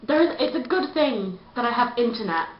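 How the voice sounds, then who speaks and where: A woman's voice: on the high side, lively intonation, brisk. A woman, vlogging a chatty, self-mocking rant to camera. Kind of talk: casual comedic rant to camera. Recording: dull lo-fi echoey room sound.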